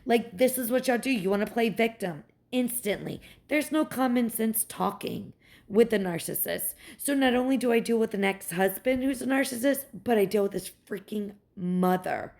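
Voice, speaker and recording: A woman's voice: fairly high pitch, moderate pace, creaky, darkish tone. Heated, profane young woman ranting. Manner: heated, profane, sarcastic, mocks others in quoted voices. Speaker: mother venting about her ex's family. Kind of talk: heated personal rant.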